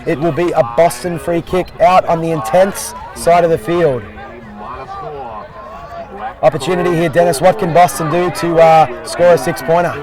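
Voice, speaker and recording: A man calling an Aussie Rules match as play-by-play commentator, jokey and excitable, working outdoors at the ground. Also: on the high side, normal speed, poor audio. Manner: jokey, excitable, repeats "I'll tell you what". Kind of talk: sports commentary. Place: outdoor sports field. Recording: crowd noise behind outdoor commentary.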